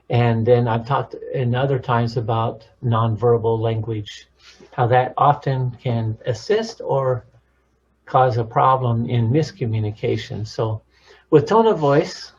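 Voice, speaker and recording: A male counselor speaks slowly and calmly, with a husky voice. His teaching is measured and deliberate, and the recording sounds dull and muffled. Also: mid-range voice. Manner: calm, measured, demonstrates tones of voice. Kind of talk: instructional talk on relationships.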